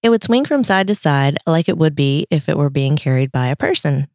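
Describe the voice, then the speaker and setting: Lower-voiced woman telling a legend. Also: expressive, fairly quick, darkish tone, dry recording, studio quality. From North Carolina. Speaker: podcast host, storyteller. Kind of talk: casual chat, telling a legend.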